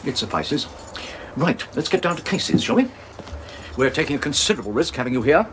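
A man's voice: medium pitch, big pitch swings, brisk, background noise, natural voice. An actor playing a wily, flustered male Labour politician who hesitates and stammers, in sitcom style. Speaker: politician character. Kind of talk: sitcom acting.

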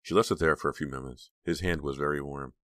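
A man narrating an audiobook in a steady, measured reading. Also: very deep voice, no echo, clean studio sound. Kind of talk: scripted narration.

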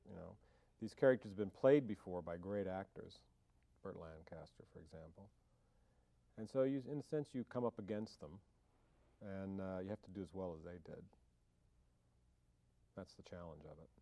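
A man's voice: sits low, moderate pace, long pauses, dark tone, no room sound. A man being interviewed about his acting, talking casually and wryly, joking and trailing off in fillers and restarts. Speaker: film actor interviewee.

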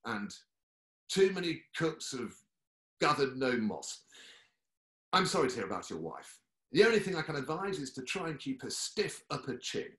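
A man's voice: medium pitch, sing-song, moderate pace, pauses often, a bit bright. A man voicing a pompous, clueless male police detective with a British accent who speaks officiously and garbles his idioms. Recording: echoey room.

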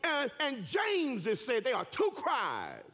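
A male preacher delivering a sermon in a church. His voice sits unusually high and rings bright. He shouts fervently, with big, lively swings in pitch and emphatic repetition. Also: takes it slowly. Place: church sanctuary.

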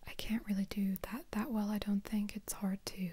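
A woman's voice: medium pitch, flat delivery, normal speed, mellow, slightly rough. A woman in a whispered ASMR chat, rambling and self-deprecating with lots of ums. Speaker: ASMR creator.

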